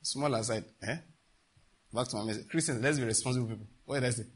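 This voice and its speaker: A man's voice: medium pitch, quick pace, slightly rough. A middle-aged man, preaching a sermon emphatically and asking the congregation rhetorical questions. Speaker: pastor.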